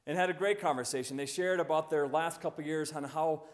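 Storytelling male preacher, higher-pitched. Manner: storytelling, slowing right down for emphasis. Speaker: visiting pastor. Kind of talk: sermon.

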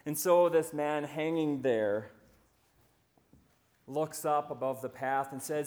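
A man preaching a sermon as a visiting pastor, telling stories and slowing down to stress key lines. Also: fairly high pitch, lively intonation, a little mellow. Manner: storytelling, slowing right down for emphasis.

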